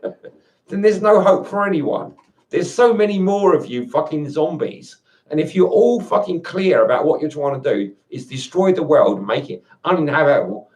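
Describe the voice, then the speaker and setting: A man's voice: on the high side, darkish tone. A man in an angry monologue to camera, swearing and repeating himself as he rants. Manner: agitated, swearing, repeats and restarts words. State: angry, worked up. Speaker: video rant maker.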